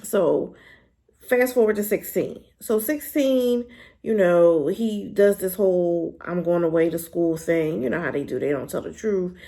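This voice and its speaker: A woman giving a casual, animated spoken review of a drama, talking in a colloquial, emphatic way. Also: unhurried, vocal fry. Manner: animated, emphatic, colloquial with pitch jumps when worked up.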